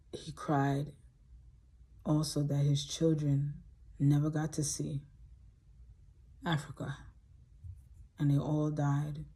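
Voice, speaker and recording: A woman's voice: deep voice, warm tone, slightly rough. A woman hosting her own channel, telling a story in a reflective monologue, emotional and near tears, repeating words for emphasis. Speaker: channel host.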